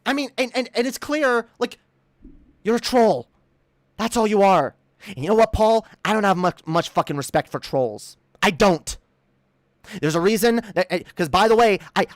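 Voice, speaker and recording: A woman's voice: lowish voice, no room sound. A woman ranting in a commentary video, stammering and repeating words, swearing and indignant. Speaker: commentary streamer. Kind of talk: heated commentary rant.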